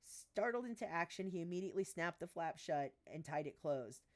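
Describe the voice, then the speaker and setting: Low-voiced woman reading her book aloud. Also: animated, normal speed. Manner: reads dialogue with small voice shifts, stumbles and restarts, laughs at her own asides. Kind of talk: live-streamed book reading.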